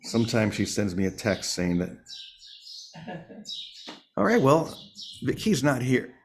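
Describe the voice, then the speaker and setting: A man's voice: mid-range voice, sing-song, a little slow, a little hiss or hum. A man leading a morning spiritual session in a playful, humorous way, calling on listeners by name. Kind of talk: informal sermon.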